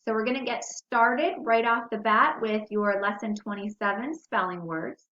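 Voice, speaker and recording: A woman's voice: fairly high pitch, moderate pace, fairly bright tone. A woman teacher giving a recorded spelling lesson to young children, patiently sounding out words syllable by syllable. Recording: echoey room, dull lo-fi sound.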